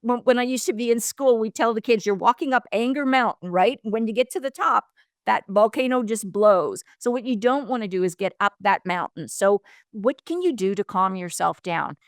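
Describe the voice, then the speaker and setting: A woman divorce coach giving calm, explanatory advice as a podcast guest. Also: fairly high pitch, normal speed, dry recording, studio quality. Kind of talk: podcast interview.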